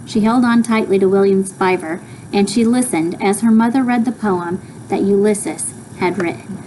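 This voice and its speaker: A woman reading a children's book aloud with expressive storytelling. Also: medium pitch, moderate pace, a little hiss or hum, low-quality recording. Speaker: reader.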